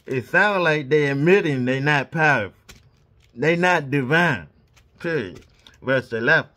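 Slow, lively man reading scripture aloud. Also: a little high. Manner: reads punctuation marks aloud; drops into casual asides between verses. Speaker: Bible reader.

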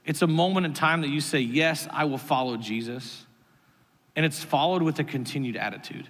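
A man in his thirties, a pastor preaching a sermon with animated storytelling and sudden jumps in pitch, heard in a church sanctuary. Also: moderate pace. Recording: long reverb of a large hall.

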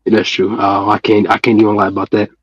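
A man's voice: lowish voice, monotone, brisk, a little hiss or hum. A man calling into a live stream, talking casually and rambling with many fillers and restarts. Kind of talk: casual comedic call-in. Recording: muffled dry call audio.

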